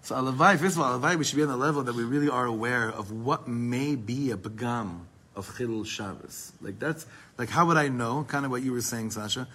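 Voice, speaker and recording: A man's voice: mid-range voice, fairly quick, hardly any pauses, bright, forceful tone, slightly rough. A man teaching a Torah class as a rabbi, speaking emphatically and mixing Hebrew terms into his English.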